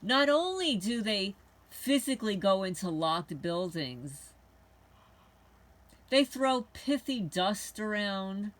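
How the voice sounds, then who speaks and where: A woman's voice: medium pitch, sing-song, takes it slowly. A woman hosting a homesteading channel, talking to camera in a heated, indignant monologue and swearing now and then. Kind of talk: rambling angry monologue to camera.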